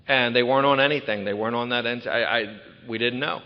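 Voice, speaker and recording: A middle-aged man giving a personal recovery talk at a retreat, telling his story in an animated way with quick asides. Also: medium pitch. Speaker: recovery speaker. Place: large hall at a retreat. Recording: dull sound with long hall reverb.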